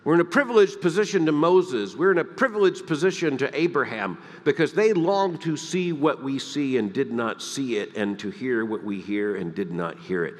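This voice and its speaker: A man from the Deep South, preaching a sermon, emphatic and swinging between loud peaks and hushed, quiet lines. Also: expressive, moderate pace, few pauses, long reverb tail. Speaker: pastor. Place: church sanctuary.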